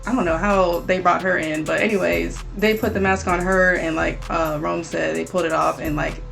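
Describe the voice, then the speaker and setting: Woman, co-host, gravelly fry, hesitant filler-heavy recap, music underneath. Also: fairly low pitch, steady tone, moderate pace, fairly bright tone. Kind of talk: casual recap chat.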